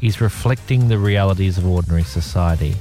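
A man on a radio show, giving a steady, matter-of-fact rundown of reality TV news. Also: low voice, fast talker, faint music behind. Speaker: radio co-host presenting TV news. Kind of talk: casual radio chat.

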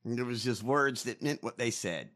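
A man's voice: medium pitch, expressive, moderate pace, a bit bright. A man co-hosting a casual political chat, blunt and profane, mocking politicians. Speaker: podcast co-host.

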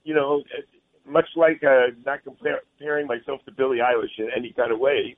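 A man's voice: mid-range voice, level tone, brisk. A male musician being interviewed, talking in a rambling, friendly way, heard over a phone line. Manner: rambling, friendly, says "man" often. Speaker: guest musician.

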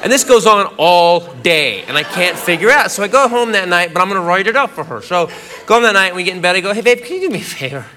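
A man telling a rambling, animated stand-up story, often laughing between lines. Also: sits high, quick pace. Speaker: stand-up comedian. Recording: live club recording with loud crowd. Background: loud audience laughter and room noise.

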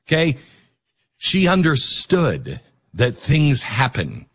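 An older man hosting a talk radio show, rambling and mocking in an animated way. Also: medium pitch, takes it slowly, breathy edge, no echo.

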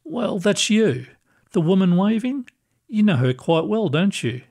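A kindly ghostly librarian, calm and reassuring, with a gently amused tone, as a male storyteller plays him. He talks slowly and unhurriedly, in a slightly raised register. It sounds like a soft storybook reading. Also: high voice, breathy edge, voice pushed up, exaggerated voice. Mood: gentle.

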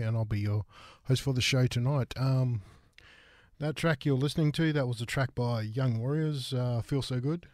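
A man with an Australian accent, hosting a radio music show, a bit out of breath and halting, with many filler sounds. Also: medium pitch, warm tone, no echo, studio quality. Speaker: radio host. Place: radio studio.

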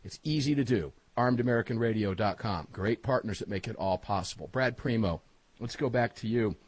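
Middle-aged male talk radio host, brash and chatty, husky voice, dry close mic. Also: fairly low pitch, brisk, no echo. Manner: brash, conversational.

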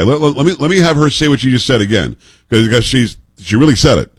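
A man's voice: mid-range voice, expressive, normal speed, dry recording. A man in his fifties hosting political commentary, emphatic and sarcastic, firing off pointed rhetorical questions. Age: 50s.

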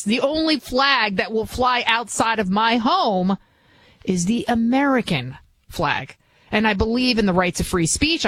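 A woman's voice: medium pitch, a bit bright, low-quality recording. A woman with a Bronx New York accent hosting a talk radio show, chatty and emphatic, often restarting her sentences. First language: not English. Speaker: guest radio host.

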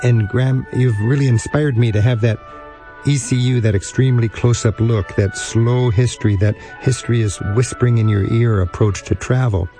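A man's voice: mid-range voice, fairly even intonation, normal speed. A man hosting a travel radio show, chatting with a guest in an enthusiastic, rambling way, with a dry studio sound and faint music. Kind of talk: conversational radio interview.

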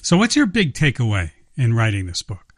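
A man hosting a radio science show, interviewing an author with a warm, engaged manner. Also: medium pitch, wildly swooping pitch, a little fast, dry recording, clean studio sound.

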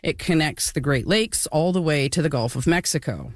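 A woman's voice: low voice, expressive, moderate pace, no echo, clean studio sound. A woman co-hosting a casual history podcast, explaining events with a few fillers. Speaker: podcast co-host.

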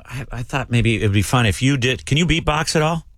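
A man's voice: mid-range voice, fairly quick, over a noisy crowd. Playful male radio host. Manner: casual, playful, chatty. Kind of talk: morning radio banter.

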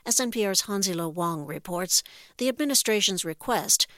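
A woman reading a radio newscast in a crisp, even newsreader manner. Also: mid-range voice, normal speed, no echo, studio quality. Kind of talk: news reading.

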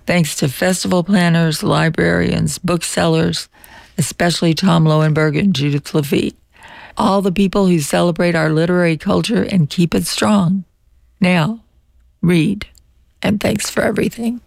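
Older woman radio host, gravelly edge, measured scripted read, dry studio sound. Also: fairly low pitch, fairly even intonation, darkish tone, no room sound. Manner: measured, reflective reading. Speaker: radio book show host. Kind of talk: scripted farewell radio monologue.

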